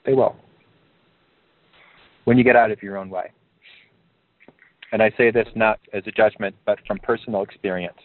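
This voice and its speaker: Calm coaching man on a tinny line. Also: moderate pace, long pauses. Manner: calm, encouraging, rises in pitch for emphasis. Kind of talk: group coaching call. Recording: narrow phone-like line.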